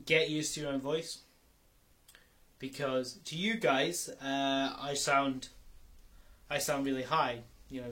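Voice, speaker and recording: A man's voice: on the high side, fairly bright tone. A young man rambling through a casual vlog, often stopping to correct himself and swearing now and then. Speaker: YouTuber.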